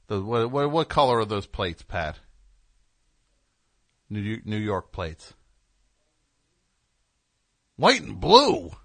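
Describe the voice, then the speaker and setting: A man's voice: mid-range voice, fairly bright tone, dry recording. A man from New Jersey hosting a call-in radio talk show, riffing in a sarcastic, ranting comic way.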